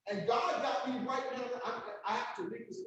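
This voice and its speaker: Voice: mid-range voice, moderate pace, a bit bright, lo-fi sound. An audience member at a workshop speaking with strong, emphatic feeling. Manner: impassioned, emphatic. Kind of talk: emotional audience remarks. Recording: distant, very echoey room with faint noise.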